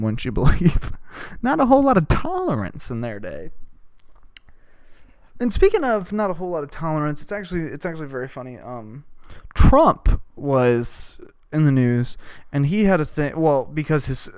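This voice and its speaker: A man's voice: fairly high pitch, smooth, no echo. A man hosting a comedy podcast, ranting sarcastically with lots of swearing. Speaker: podcast host.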